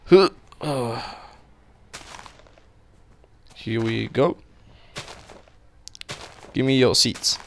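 A young man giving casual, excitable commentary while playing a game, swearing and talking to himself. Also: medium pitch, drawn-out words, vocal fry, pauses often, a little hiss or hum. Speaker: gaming channel host.

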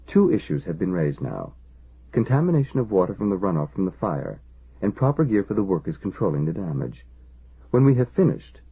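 A man narrating an audiobook with expressive storytelling. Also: sits low, fairly quick, creaky, husky. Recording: lo-fi phone-like audio.

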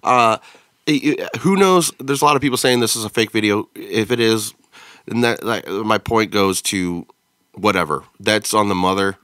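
A man's voice: fairly low pitch, normal speed, a bit bright, no room sound. An American man hosting a podcast, reacting to a video in blunt, profane, joking casual chat. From United States. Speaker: podcast host.

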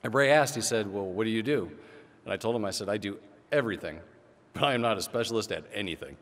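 A man's voice: fairly low pitch, animated, fast talker, fairly bright tone. A middle-aged man from the Midwest United States giving an induction speech, telling a story with quoted dialogue at a podium microphone. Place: large hall on stage. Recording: long hall reverb.

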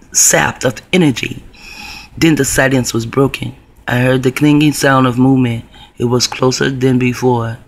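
Man rambling through a creepy tale. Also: medium pitch. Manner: rambling, profane, conspiratorial retelling. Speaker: video blogger. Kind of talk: casual storytelling to camera.

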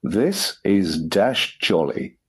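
A man voicing a flustered, fussy young English gentleman who dithers and frets. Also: low voice, very animated, very slow, husky, full character voice. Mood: chatty.

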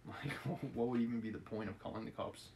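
A man's voice: mid-range voice, fairly quick, background noise. A man reading a novel aloud on a live stream, chatting and laughing about it between passages.

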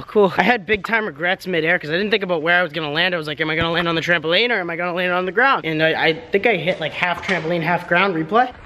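A man's voice: high voice, noisy background. A teenage guy vlogging in a rambling, joking, self-mocking way, filmed on a handheld camera. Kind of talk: casual vlog.

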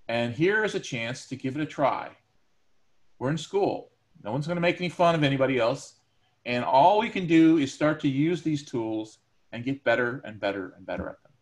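Speaking at medium pitch, a male teacher talks his students through a recorded lecture. He keeps it conversational, drawing on everyday examples and often saying um and uh.

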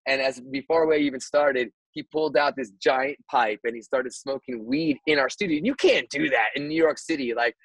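A man, a radio host guest on a podcast, telling a story casually, animated and swearing, with lots of restarts. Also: medium pitch, fairly quick, few pauses, no echo, rough recording.

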